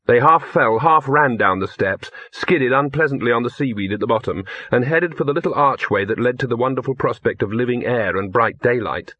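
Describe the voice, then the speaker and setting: Husky male audiobook narrator. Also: mid-range voice, no echo. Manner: measured storytelling. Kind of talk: scripted narration. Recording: dull lo-fi, dry close mic.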